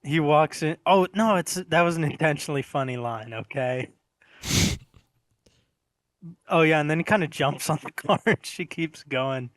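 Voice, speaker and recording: A man's voice: on the high side, moderate pace, long pauses, fairly bright tone, no echo. Man laughing through film recaps. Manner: laughs often while retelling scenes. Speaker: film review co-host. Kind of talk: casual film review chat.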